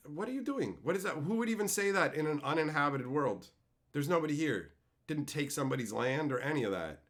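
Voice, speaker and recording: A young man from Canada, a streamer, ranting with heavy swearing and mocking, loud put-on voices. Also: fairly high pitch, expressive, brisk. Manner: profane, mocking, swings into loud sneering impressions. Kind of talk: ranting commentary.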